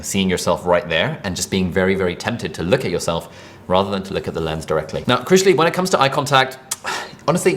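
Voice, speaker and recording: Fast-talking deep-voiced man teaching. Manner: fast, energetic, conversational delivery. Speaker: online video coach. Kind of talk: direct-to-camera tutorial. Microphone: camera with videographer.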